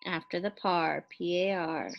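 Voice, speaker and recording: A woman teacher giving a recorded phonics lesson to second graders, speaking slowly and clearly and pausing for imagined answers. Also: fairly low pitch, fairly even intonation, dull audio. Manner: slow, clearly enunciated teacher talk with pauses for imagined answers.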